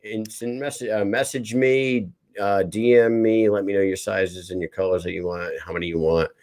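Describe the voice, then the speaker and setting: A man's voice: on the low side, fairly even intonation, moderate pace, a little mellow, dry recording. A man co-hosting a live podcast, talking in a casual, rambling, profane way. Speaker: podcast co-host. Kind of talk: casual chat.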